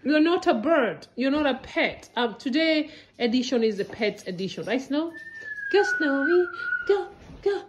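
A woman's voice: lively intonation, normal speed, few pauses, dull audio, slight background noise. A woman filming her pets at home and chatting casually with her family and the cockatiel. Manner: chatty, talks to the bird in a high sing-song. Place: home kitchen.

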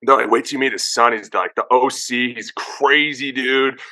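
A man in his thirties, a former football player and guest, telling stories in an excited, casual way and acting out quotes with lots of "like" and "dude". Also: mid-range voice, moderate pace. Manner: animated, acts out quotes, many "like" and "dude". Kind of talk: excited casual interview storytelling.

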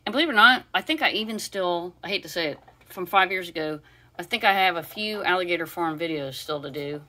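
A woman's voice: lowish voice, expressive, fast, bright, forceful tone. A woman hosting a casual live stream from her home, chatting and rambling through her collection with fillers and asides to her pet parrot. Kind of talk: casual live show-and-tell.

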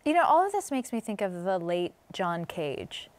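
Lively, curious woman interviewer. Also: medium pitch, moderate pace. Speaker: host. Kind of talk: interviewing a guest.

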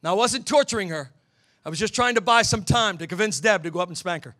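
A middle-aged man preaching a sermon in a church, telling a family story and building to shouts at the high points. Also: quick pace. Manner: storytelling, swells to shouting at climaxes. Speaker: pastor.

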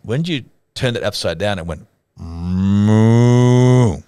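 Deep-voiced older Australian man telling a story. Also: fairly quick, no echo. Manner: animated, acts out voices, laughs often. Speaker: pastor and show co-host. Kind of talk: casual storytelling chat.

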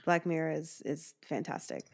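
A woman's voice: sits low, normal speed, gravelly, darkish tone. A woman co-hosting a horror podcast in casual chat, speaking chattily and upbeat with a sick voice. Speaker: podcast co-host.

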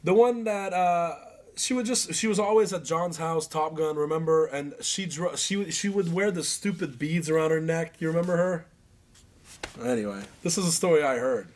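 A man telling animated stories in a casual interview, acting out other people and laughing as he goes. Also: a little high, moderate pace. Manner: animated, acts out voices and laughs through stories.

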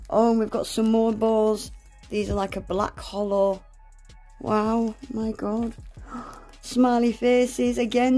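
A woman's voice: medium pitch, dark tone. A woman unboxing nail art supplies in a gushing, exclamatory manner, often gasping. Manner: gushing, exclamatory, lots of gasps and "oh my gosh". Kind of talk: unboxing vlog, casual chat.

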